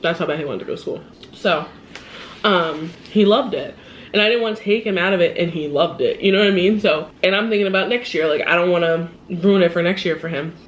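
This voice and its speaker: A woman telling a personal story in a casual vlog, animated and upset, laughing and quoting the people in it, a little shaky. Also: fairly low pitch, a little fast, highs cut off, a little hiss or hum. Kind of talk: casual storytime while eating.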